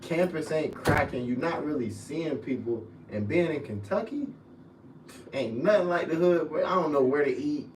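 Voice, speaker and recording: A young man, a former college football player, telling stories in relaxed slang on a casual podcast. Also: moderate pace. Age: young adult. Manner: laid-back storytelling with slang, drifts low and quiet. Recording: echoey room, mic at a distance, faint noise.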